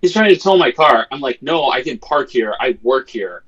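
A man's mid-range voice, moderately paced with a breathy edge, carries a storytelling stretch of casual podcast chat, where he is a co-host. He swears, stays animated, and voices the quotes himself; the lo-fi audio is slightly dull.

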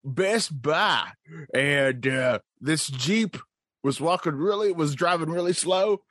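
A man's voice: fairly high pitch, slow pace, fairly bright tone, dry recording, clean studio sound. A man voicing an old male prospector who calls himself a lawman and talks about himself in the third person, on a podcast. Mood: folksy.

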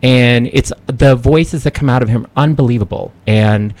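A man's voice: medium pitch, normal speed, a little mellow. A man chatting as a podcast guest, hesitant with many ums but enthusiastic. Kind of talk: casual chat.

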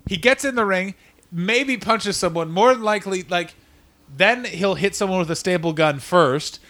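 High-voiced man telling it animated. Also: moderate pace. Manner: profane, animated storytelling with quoted voices. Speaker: podcast co-host. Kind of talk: casual podcast chat.

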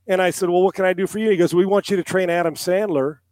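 A man's voice: sits high, steady tone, fast, a little mellow, no echo. A middle-aged man, a former quarterback and analyst, telling a long story on a podcast, acting out quotes and swearing casually.

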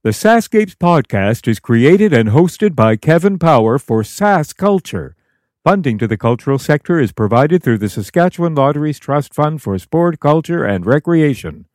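A man's voice: on the high side, darkish tone, dry recording, studio quality. A man hosting a podcast, reading the closing credits in a friendly way. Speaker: podcast host. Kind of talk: scripted outro.

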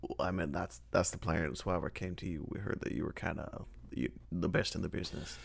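A man with a very low, heavily gravelly voice plays a tabletop game. His tone is husky and his pitch moves a lot as he throws in dry, wry quips. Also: brisk.

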